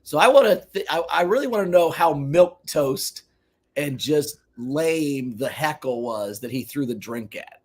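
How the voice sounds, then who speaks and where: A man co-hosting a casual sports podcast, an animated storyteller who swears freely. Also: on the high side, a little slow. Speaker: podcast co-host.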